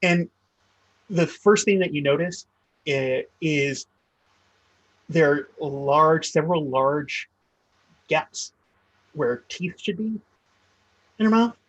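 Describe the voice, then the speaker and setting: A man's voice: on the high side, slow, long pauses, a bit bright, dry recording, rough recording. A man narrating a tabletop game as game master, in a meandering, hesitant way.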